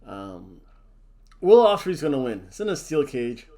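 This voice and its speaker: A man's voice: medium pitch, sing-song, a little slow, dark tone. A man hosting a casual wrestling predictions chat, jokey and theatrical, hamming up wrestler introductions. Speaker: wrestling show host.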